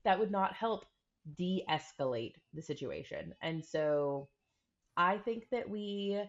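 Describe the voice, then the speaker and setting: A woman co-hosting a podcast, talking things through earnestly in casual chat and often acting out quoted examples. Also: low-pitched. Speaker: podcast co-host. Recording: dull lo-fi recording.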